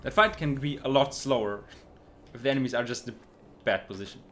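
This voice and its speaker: A man's voice: mid-range voice, fast, fairly bright tone, slight background noise. A man commentating his own speedrun live, dry and sarcastic, swearing when things go wrong.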